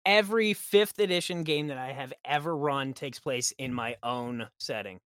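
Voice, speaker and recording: Bright, lively man telling game stories. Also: medium pitch, moderate pace, dry recording. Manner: lively storyteller who acts out quoted characters. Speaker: guest game master. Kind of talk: casual podcast chat.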